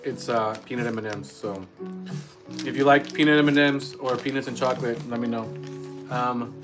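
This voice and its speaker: A native Spanish speaker co-hosts a casual livestream from his home kitchen, reading viewer comments aloud between bites while guitar music plays behind him. His voice is medium-pitched with fairly even intonation at normal speed, and the audio quality is poor.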